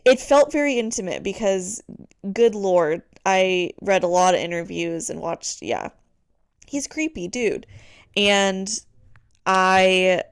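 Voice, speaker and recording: A creaky but clear and resonant medium-pitched voice belongs to a woman co-hosting a podcast, recorded with studio quality and no echo. She keeps things casual, dropping many fillers and an occasional swear.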